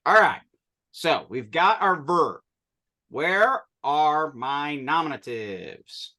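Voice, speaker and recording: A man with a bright, forceful, slightly high voice runs a language class. He walks students through their readings and patiently corrects how they say the words, with quick asides along the way. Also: lively intonation. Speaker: Sanskrit teacher. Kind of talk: online class instruction.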